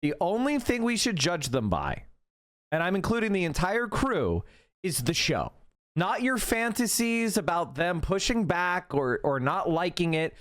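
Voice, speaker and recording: A man's voice: sing-song, a little slow, no room sound, studio quality. Ranting, profane streamer man. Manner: ranting, profane, mocking, swings between shouting and low mutters. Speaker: streamer reacting to a video. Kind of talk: livestream reaction commentary.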